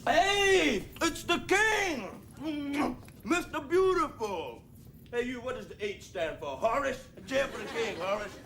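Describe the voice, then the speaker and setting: A man playing a brash, over-the-top flattering alter ego, gushing with showy praise, in an old TV clip. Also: extremely high pitch, slow, a little hiss or hum, full character voice.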